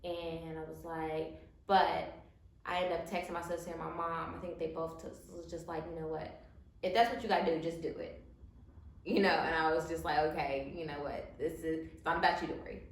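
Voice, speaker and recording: A woman's voice: sits low, fairly even intonation, brisk. A young woman casually telling a personal story to her audience, using lots of fillers and quoted speech, with emotion showing through. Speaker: co-host. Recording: echoey room with faint noise.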